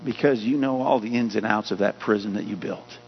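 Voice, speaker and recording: A man's voice: fairly low pitch, brisk, gravelly. A male pastor delivering a sermon, rising in emphasis as he reads scripture. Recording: dull hum-laden audio with long hall reverb.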